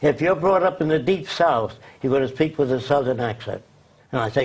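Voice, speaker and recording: A man's voice: mid-range voice, expressive, darkish tone, husky. A man giving an interview guest's impassioned, blunt lecture, listing his points one after another. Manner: emphatic, blunt, lists points rapid-fire. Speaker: interview guest, social designer.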